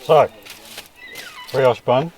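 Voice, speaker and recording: A man's voice: medium pitch, extremely slow, rough recording. A man chatting casually while he cooks lunch outdoors and drives a bush track. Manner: relaxed, chatty, talks while cooking and driving. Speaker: vlogger. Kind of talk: casual vlog narration. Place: outdoors at a bush campsite and in a vehicle.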